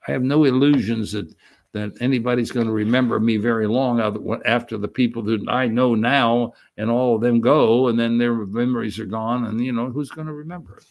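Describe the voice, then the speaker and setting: An older man preaching a sermon, reading scripture aloud with slow, emphatic stress and explaining it in a halting way with many restarts. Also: mid-range voice, steady tone, vocal fry. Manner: unhurried, halting with frequent restarts and fillers; reads quoted verses with slow emphatic stress. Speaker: pastor.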